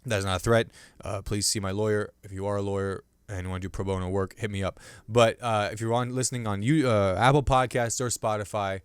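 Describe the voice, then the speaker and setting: A male comedian hosting his own podcast, riffing loosely on the news with self-mocking jokes and sudden loud bursts between hushed asides. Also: fairly low pitch, steady tone, a little fast, clean tone, no room sound. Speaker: podcast host and stand-up comedian.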